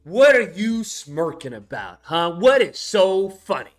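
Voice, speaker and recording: A man putting on a loud, ranting villainous genius, shouting his hatred, with faint music behind. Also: sits high, big pitch swings. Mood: sneering. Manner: loud, shouting, drawn-out delivery.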